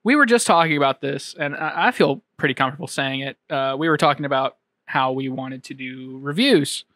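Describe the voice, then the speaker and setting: A man co-hosting a podcast, talking casually at a studio microphone with halting restarts and lots of ums. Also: medium pitch, sharp tone, no room sound. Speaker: podcast co-host. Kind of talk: casual chat.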